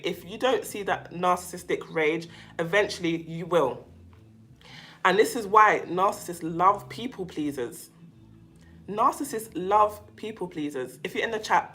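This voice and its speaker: A woman's voice: fairly low pitch, a bit bright. A woman hosting a casual livestream, chatting to her viewers with lots of fillers and restarts, and reading out their comments as she goes. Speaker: livestream host on narcissistic abuse.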